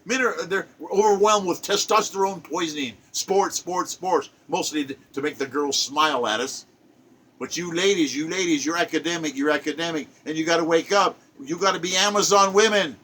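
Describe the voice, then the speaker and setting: This older man, a self-published poet, speaks in a steady, moderately paced voice on the high side with a fairly bright tone. His monologue is preacherly and exhortative, built on emphatic repetition.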